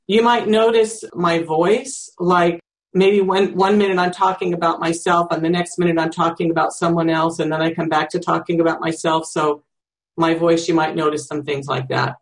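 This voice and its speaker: A speaker in their sixties, teaching by demonstration, talking slowly and reflectively, searching for words and thinking aloud with pauses. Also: medium pitch, level tone. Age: 60s. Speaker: teacher demonstrating self-empathy.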